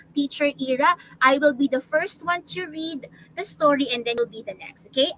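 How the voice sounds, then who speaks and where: A woman with a Filipino accent teaching an online lesson, speaking slowly and patiently with drawn-out vowels. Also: high-pitched, sharp tone, a little hiss or hum, poor audio. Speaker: online tutor. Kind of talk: classroom teaching.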